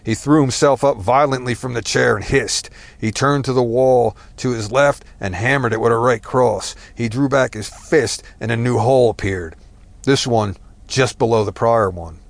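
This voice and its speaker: A man narrating a tense story in a measured, dramatic reading. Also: mid-range voice, vocal fry, dry recording.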